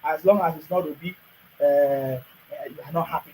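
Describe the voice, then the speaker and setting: A man's voice: fairly high pitch, fairly even intonation, a little fast, darkish tone, a little hiss or hum, low-quality recording. Combative Nigerian man ranting. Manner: combative, ranting, addresses critics directly; repeats and restarts phrases for emphasis. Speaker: political commentator. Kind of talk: monologue to camera.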